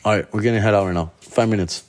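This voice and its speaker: A man's voice: lowish voice, steady tone, fast talker. Profane Spanglish-mixing man ranting casually. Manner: profane, slangy, mixing Spanish and English. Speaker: vlogger, father. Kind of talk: casual storytelling rant.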